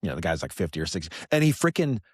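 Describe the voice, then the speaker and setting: A man's voice: deep voice, very animated, very fast, darkish tone, slightly rough, dry recording, clean studio sound. Rambling American man, casual podcast co-host. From United States. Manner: rambling, repeats phrases, says "you know" and "dude". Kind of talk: casual chat.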